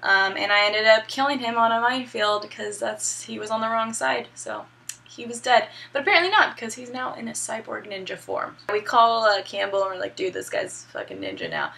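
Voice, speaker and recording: Gravelly, bright young woman gaming vlogger. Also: on the high side, normal speed. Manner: irreverent, profane, laughing asides. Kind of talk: casual story recap.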